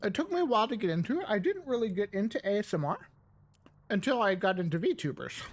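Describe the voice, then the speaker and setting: A woman's voice: mid-range voice, sing-song. A young woman streaming a game live, chatting casually and rambling between bites of food, with frequent laughs. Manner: chatty, rambling, laughs often, pauses to eat. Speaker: VTuber streamer. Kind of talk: casual live-stream chat while gaming.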